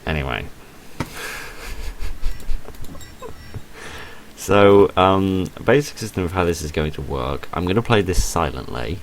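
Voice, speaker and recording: A low-pitched man, claiming he's tired and half asleep, hosts his gaming video with rambling, chatty commentary full of self-mocking asides. A little hiss or hum runs underneath.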